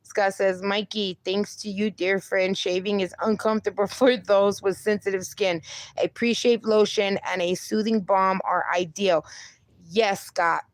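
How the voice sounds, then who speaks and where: A young woman chats slowly and easily on a casual livestream, reading out viewer comments and cheering people on with a laugh and a bit of swearing. Her voice sits at an ordinary middle pitch and sounds dry and close, with no room around it. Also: fairly even intonation, no room sound. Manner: upbeat, encouraging, laughs often, mild swearing. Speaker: livestream host.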